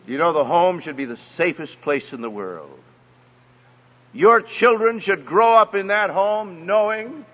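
With a high voice and an unhurried pace, the man recounts something from his own life, preaching emphatically and speaking directly to parents in the crowd. The hall echoes, and the audio is muffled and lo-fi.

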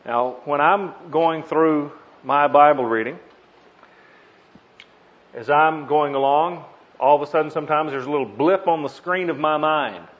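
A man's voice: fairly high pitch, measured pace. Earnest preacher man, lo-fi recording. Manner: earnest, stresses single words with sudden emphasis. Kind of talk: teaching sermon on Bible meditation. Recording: dull lo-fi recording.

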